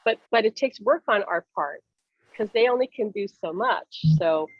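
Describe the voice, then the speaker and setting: A woman's voice: medium pitch, animated, normal speed, dry recording, muffled recording. A woman hosting a casual chat about spirit contact, telling stories animatedly and laughing often. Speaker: host, spiritual medium. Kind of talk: casual video-call chat.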